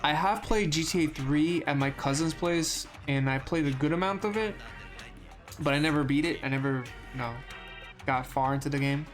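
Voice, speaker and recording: A young man live streaming a game, chatting casually in an earnest, halting way with lots of restarts and fillers at a desk microphone. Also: fairly high pitch, faint music behind.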